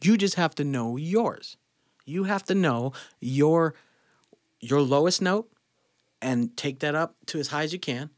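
A man's voice: a little high, lively intonation, a little slow, no echo. Blunt, dry-sounding male vocal coach. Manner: blunt, opinionated, demonstrates with his voice. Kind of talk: casual singing lesson.

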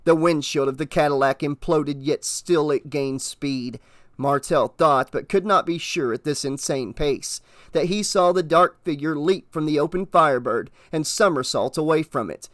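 A man narrating an audiobook in a steady, measured reading voice. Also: on the high side, no room sound, studio quality.

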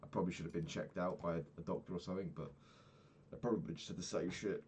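A young man with a low voice rambles through his day in a loose, sweary diary chat while he plays a game. Faint keyboard clicks sit under his voice. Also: very fast, darkish tone, slight background noise. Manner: rambling, sweary, self-mocking, frequent restarts. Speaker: vlogger. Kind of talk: casual daily diary talk over gameplay.

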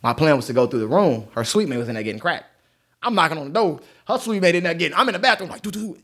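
Talking at a racing pace with a fairly high pitch, this man co-hosts a podcast and spins a story in easygoing chat. He brings it to life by voicing the people he quotes.

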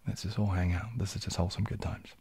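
Man, low voice, husky, mellow, soft-spoken livestream chat, drifts into whispers. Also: fast talker. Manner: relaxed, rambling, drops into whispers, reads chat aloud. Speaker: ASMR livestream host.

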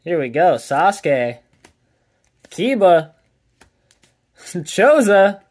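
A man's voice: high-pitched, very animated, drawn-out words, darkish tone. A man hosting a card pack opening, chatting casually and calling out each card as he pulls it. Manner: upbeat, chatty, calls out each card as pulled. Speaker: card collector and channel host.

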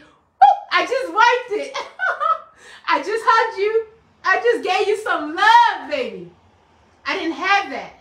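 Motivational woman host, bright and sharp, slangy and preachy. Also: high voice, roomy sound. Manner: preachy, calls listeners baby, casual slang. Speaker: host of a healing show. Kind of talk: motivational live talk.

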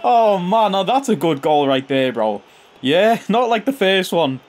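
A young man giving casual, slangy commentary over his own football video game, chuckling often and jumping to excited shouts when goals go in. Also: a little high, a little slow. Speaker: gaming YouTuber and streamer. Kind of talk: casual live gameplay commentary.

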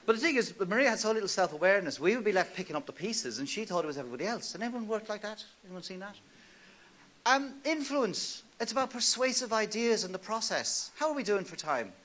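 Bright-voiced man giving a keynote. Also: high-pitched. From Ireland. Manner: lively and joking, engaging the audience directly. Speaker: keynote speaker. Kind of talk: conference keynote talk. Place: conference hall.

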